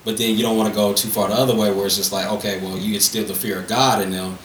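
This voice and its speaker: Low-voiced man with roomy echo. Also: steady tone, fast, few pauses, a bit bright, a little hiss or hum. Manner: thoughtful, asks open questions. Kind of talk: casual panel chat.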